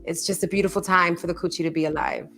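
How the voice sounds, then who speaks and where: A woman's voice: on the low side, little pitch movement, rapid-fire, bright, forceful tone, faint music behind. A woman in her thirties co-hosting a casual chat, candid and profane, with lots of fillers and emphatic asides. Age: 30s. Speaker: podcast co-host.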